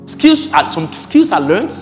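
A man preaching a sermon as pastor, animated and rising at times to shouts. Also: very high voice, unhurried, gravelly, in a large hall, soft background music.

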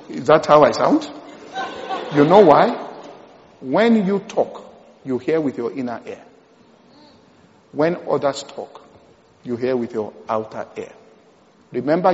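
A man preaching a sermon, emphatic, repeating key phrases and swinging between loud and hushed delivery. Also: medium pitch, a little hiss or hum. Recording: dull sound in a long-reverb hall.

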